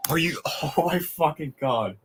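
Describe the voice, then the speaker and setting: A man's voice: on the high side, lively intonation, measured pace, a bit bright, a little hiss or hum. A man hosting a live game reaction, ranting with exasperation, swearing often and laughing at what he watches.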